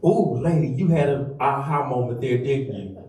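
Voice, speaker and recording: A minister preaching a sermon in a church, teaching slowly and emphatically and calling on the congregation to repeat after him. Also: male voice, mid-range voice, warm tone, a little hiss or hum. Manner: slow, emphatic teaching with call-and-response. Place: church sanctuary. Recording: echoey church from far off.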